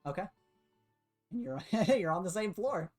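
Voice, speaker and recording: A woman game master narrating a superhero tabletop game in a relaxed, plain way. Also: medium pitch, unhurried, faint music behind.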